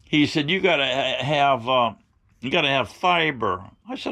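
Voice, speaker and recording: A man's voice: medium pitch, lively intonation, a little slow, vocal fry, bright, forceful tone. A middle-aged man telling rambling, folksy stories to his viewers, blunt and opinionated. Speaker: outdoor vlogger.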